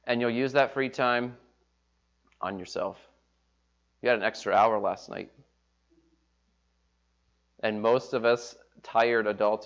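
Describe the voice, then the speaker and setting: A man's voice: medium pitch, fairly even intonation, takes it slowly, pauses often. A man preaching a sermon as pastor, talking in a conversational way and acting out the voices of people he quotes. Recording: slightly dull lo-fi sound.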